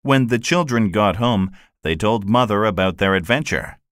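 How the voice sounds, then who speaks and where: Guy narrating a kids' classic, really low voice but lots of up and down, dry close sound. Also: animated, moderate pace, fairly bright tone, dry recording. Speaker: audiobook narrator. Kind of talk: scripted narration.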